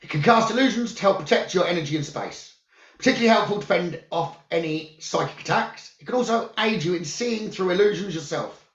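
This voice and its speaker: Guy doing a calm psychic talk, higher voice, echoey room, kinda dull lo-fi sound. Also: fairly quick. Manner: calm, soothing, instructive. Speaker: psychic medium. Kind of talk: spiritual guidance talk.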